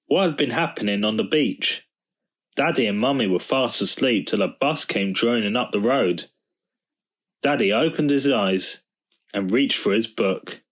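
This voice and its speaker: A man reading a children's storybook aloud, in slow, measured storytelling. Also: medium pitch, expressive. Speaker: storybook reader.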